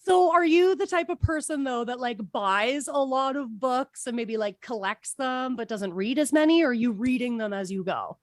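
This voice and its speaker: A woman's voice: high voice, expressive, normal speed, few pauses, dry recording, clean studio sound. A woman hosting a casual live interview, upbeat and playful. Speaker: host.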